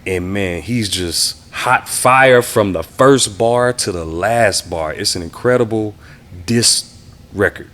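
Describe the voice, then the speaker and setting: Deep-voiced man reminiscing in an interview. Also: takes it slowly. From Houston area, Texas. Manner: relaxed, reminiscing, acts out quoted voices. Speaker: interview guest, DJ and producer. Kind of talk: casual interview storytelling.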